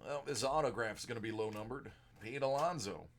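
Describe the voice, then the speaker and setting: A man's voice: mid-range voice, brisk, a little hiss or hum. A man hosting a live card break, calling out player names as he opens packs, with a sore throat that leaves him short of breath and unable to project. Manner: rattles off card names, bursts of excitement at big pulls.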